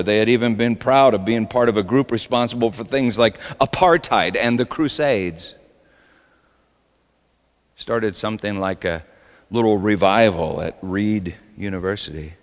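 A man preaching a sermon as pastor, swinging between loud emphatic lines and quiet asides. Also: mid-range voice, long reverb tail.

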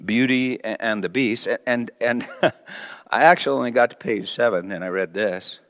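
A man in his sixties gives a self-mocking storytelling sermon, dropping to a low murmur and then rising to loud exclamations. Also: moderate pace. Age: 60s. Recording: long hall reverb.

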